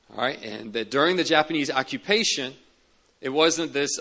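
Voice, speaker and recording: A man's voice: medium pitch, lively intonation, moderate pace, pushed and bright. A man preaching a sermon as a pastor, telling stories earnestly and repeating key words for emphasis. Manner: earnest storytelling with emphatic repetition.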